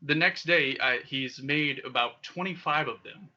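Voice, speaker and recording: A young man hosting a podcast, telling wild stories in a casual, profane, animated way with frequent laughter. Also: a little high, measured pace. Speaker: podcast host. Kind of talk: casual storytelling. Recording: dull lo-fi sound.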